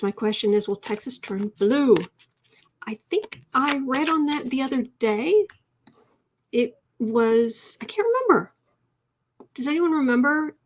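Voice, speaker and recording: A woman hosting a casual tarot livestream, chatting with viewers, reading their comments aloud and cooing softly to her cat. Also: fairly high pitch. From United States. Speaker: tarot reader and livestream host.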